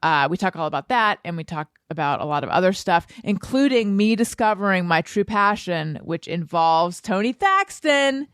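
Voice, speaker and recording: Chatty low-voiced woman host. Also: expressive, normal speed, hardly any pauses, fairly bright tone, smooth, no echo, clean studio sound. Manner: chatty, rambling, self-amused. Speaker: podcast host. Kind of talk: casual chat.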